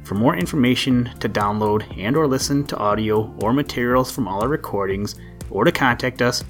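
A man reading a children's story aloud in a measured, gentle way as a podcast host. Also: medium pitch, soft background music. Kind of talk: storybook narration.

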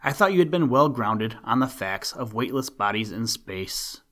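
Guy reading a stern calm scientist dad from a storybook, grave and steady, mid pitch. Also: moderate pace, natural voice. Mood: firm. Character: stern calm adult male scientist father.

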